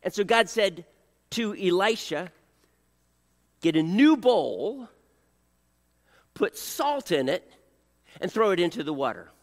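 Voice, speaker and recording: A man preaching a sermon, animated and joking, acting out voices and coughing now and then. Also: high voice, slow pace, long pauses, in a large hall. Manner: animated, acts out voices, jokes with the congregation. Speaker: pastor.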